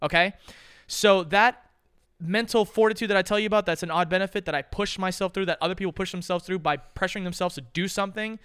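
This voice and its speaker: A young man co-hosting a podcast, telling stories in an animated, jokey, profane way. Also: high voice, quick pace, smooth, dry recording, studio quality. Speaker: podcast co-host. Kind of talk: casual chat.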